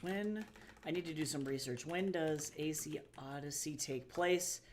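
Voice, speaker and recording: Low-voiced woman chatting on a stream. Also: unhurried, a little mellow, a little hiss or hum. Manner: chatty, swears freely, rants with exasperation. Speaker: artist streaming live. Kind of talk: casual livestream chat.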